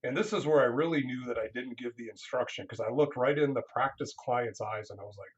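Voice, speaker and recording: A man's voice: mid-range voice, fast, few pauses. A man telling a story as an interview guest, in a middle-range voice. He acts out the people he quotes as he goes. The audio is slightly dull and lo-fi. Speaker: counseling professor, interview guest. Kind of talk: conversational storytelling.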